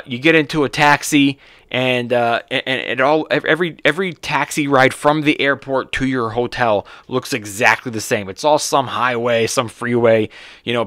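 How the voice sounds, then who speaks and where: An American stand-up comedian hosts his own solo podcast, delivering a loose, casual monologue that's profane, rambling, and animated, with lots of restarts. His mid-range voice is captured in clean studio sound with no echo.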